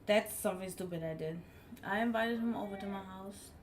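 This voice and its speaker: A woman live streamer telling a story in casual chat, blunt and animated, swearing freely. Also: mid-range voice, brisk, a little hiss or hum.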